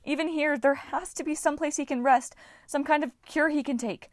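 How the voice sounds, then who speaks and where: A woman's voice: high voice, fairly even intonation, normal speed, no room sound, studio quality, voice pushed up, lightly acted. A woman reading aloud, voicing a determined teenage girl who pleads and insists.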